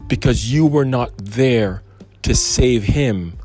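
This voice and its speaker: A man voicing a mild male angel who explains slowly and insistently. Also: mid-range voice, darkish tone, soft background music, natural voice.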